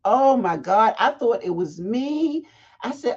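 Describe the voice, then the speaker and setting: A woman hosting a casual livestream, chatty and animated, breaking off into asides. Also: fairly high pitch, slow, slightly rough. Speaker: fashion week organizer hosting a livestream. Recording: dull lo-fi livestream audio.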